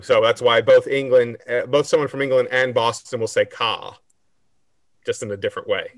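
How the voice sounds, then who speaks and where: A man's voice: mid-range voice, fairly even intonation, quick pace. Casual man explaining history. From United States. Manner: lecturing with fillers and restarts. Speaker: podcast co-host explaining history. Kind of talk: casual chat.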